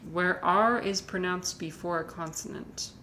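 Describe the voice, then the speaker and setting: Casual woman streamer, talks in loose rambling bursts; low-pitched, recorded in an echoey room. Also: a little slow, sharp tone. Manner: chatty, rambling, many fillers and restarts. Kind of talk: casual chat with viewers. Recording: echoey room with faint noise.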